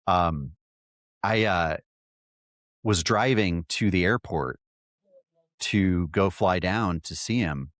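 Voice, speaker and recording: A man with a very low voice tells a long personal story, stopping and restarting mid-sentence. The sound is dry and close, with no room around it. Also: a bit bright, no echo. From California. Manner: halting, repeats words as he tells a story. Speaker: podcast host.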